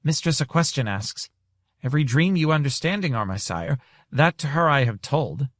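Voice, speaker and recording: A man's voice: medium pitch, expressive, moderate pace, fairly bright tone, dry recording, clean studio sound, pitched above the performer's own voice, close to an everyday voice. A man reading an audiobook, voicing an eager young servant woman who speaks in inverted word order. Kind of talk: audiobook character voice.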